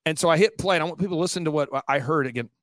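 Casting: middle-aged man, fairly high voice, dry close sound, emphatic repetitive storyteller. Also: no room sound. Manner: fast-paced, repetitive, emphatic. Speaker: guest. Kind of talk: animated storytelling.

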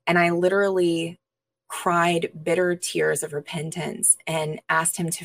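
Low, gravelly-voiced woman sharing a testimony. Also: little pitch movement. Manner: earnest, pausing with frequent fillers. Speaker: interview guest, minister. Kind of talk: personal testimony in an interview.

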